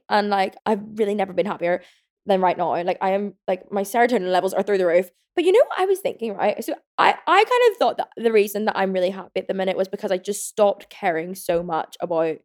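A woman in her twenties hosting a podcast, chatting casually in a rambling way, full of fillers and the odd swear word. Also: mid-range voice. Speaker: podcast host. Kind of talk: casual chat.

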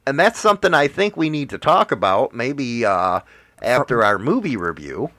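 A man's voice: mid-range voice, sing-song, moderate pace, fairly bright tone, dry recording, studio quality. A man co-hosting a podcast, trading crude jokes and teasing in casual chat. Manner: crude joking banter; playful teasing. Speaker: podcast co-host.

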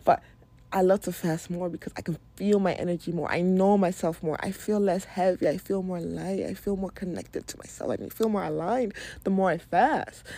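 Gravelly-voiced woman from Nigeria, frank podcast talk. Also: on the low side, dark tone. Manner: frank and profane, laughs often. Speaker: podcast host. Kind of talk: casual spiritual wellness monologue.

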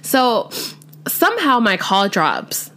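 A young woman, telling a storytime vlog in an animated, chatty way full of "like" and "literally". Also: a little high, slow. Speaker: vlogger.

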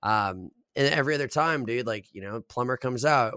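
A podcast co-host in his twenties tells stories in casual chat, animated and swearing a lot. His medium-pitched voice moves a little fast, and the studio-quality recording has no room sound.

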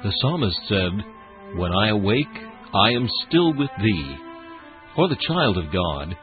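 A man reading a morning devotional in a solemn, measured way. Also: sits low. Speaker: devotional reader. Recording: tinny phone-like dry sound.

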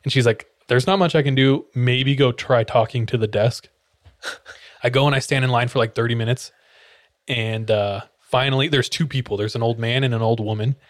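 A young man recounts a story as a podcast co-host, with animated delivery. He breaks into quick voices and sound effects for the people in it. The talk is loose and casual. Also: mid-range voice, no echo, clean studio sound. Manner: animated, acts out quotes with sound effects and laughs.

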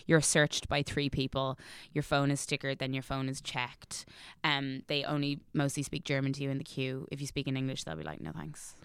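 An Irish woman in her twenties chatting on a podcast, quick and full of "like" fillers. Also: very deep voice, completely flat delivery, clear, resonant tone, dry recording. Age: 20s. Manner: chatty, quick, lots of "like", laughs. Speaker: podcast co-host. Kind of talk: casual chat.

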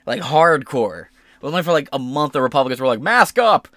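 A man's voice: mid-range voice, fast talker, a bit bright, no echo. A male podcast host ranting in casual political commentary, heated and full of swearing. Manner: heated, profane rant.

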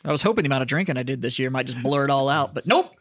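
A man's voice: medium pitch, lively intonation, very fast, fairly bright tone. A man co-hosting a podcast, bantering loosely and trailing off mid-sentence. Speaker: podcast co-host. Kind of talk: casual banter.

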